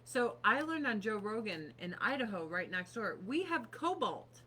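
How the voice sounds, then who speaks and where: A woman's voice: a little high, big pitch swings, normal speed, pushed and bright, a little hiss or hum. A woman in her thirties chatting casually on a livestream from her home office desk, profane and sarcastic.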